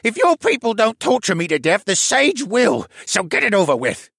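A man voicing a battered male bird demi-human prisoner in an audiobook, bitter and desperate, with a husky voice and sneering, stammering delivery. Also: sits high, huge pitch swings, normal speed, a bit bright, dry recording, clean studio sound, pitched above the performer's own voice, heavily acted. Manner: sneering, then pleading and stammering. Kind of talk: audiobook character voice.

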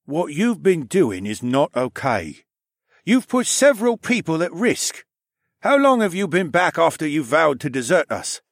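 A stern, authoritative captain who lays down the law in a firm, scolding tone, voiced by a male narrator. He is measured and serious. The recording is dry and close. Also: fairly high pitch, very animated, no echo, pitched above the performer's own voice, exaggerated voice. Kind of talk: audiobook character voice.

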